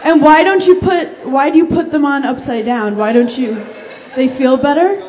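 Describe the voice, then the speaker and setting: A woman stand-up comedian in her thirties teasing the audience with brash, quick banter on a club stage. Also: sits high. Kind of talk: stand-up crowd work. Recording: live club recording with crowd noise. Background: audience laughter and noise.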